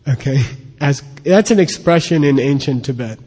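A man's voice: mid-range voice, animated, normal speed, warm tone, slightly rough. A man teaching a Buddhist text, explaining terms patiently and checking in with his listeners often. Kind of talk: lecture on a scripture. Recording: long hall reverb.

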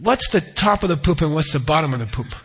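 A man voicing an earnest young woman cowherd in a spoken story, pitching his voice up a little. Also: lively intonation, fast talker, fairly bright tone, husky, full character voice. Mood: eager. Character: humble young woman cowherd, later a goddess.

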